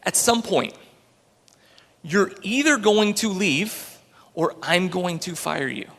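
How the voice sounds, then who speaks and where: Male speaker, gravelly, slightly high voice, inspirational talk, reverberant auditorium. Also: animated, slow, a bit bright. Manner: earnest and storytelling. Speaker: entrepreneur giving a talk. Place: large auditorium stage.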